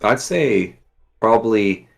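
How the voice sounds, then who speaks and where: Male guest, casual interview, deeper voice, loose and chatty delivery. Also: slow pace, gravelly. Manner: relaxed and chatty, with frequent fillers. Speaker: guest YouTuber. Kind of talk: casual chat.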